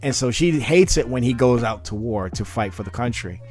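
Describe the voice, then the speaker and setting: A man's voice: medium pitch, lively intonation, moderate pace, darkish tone, faint music behind. Rambling, chatty male podcast host. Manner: rambling, repeats words, laughs often. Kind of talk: casual chat.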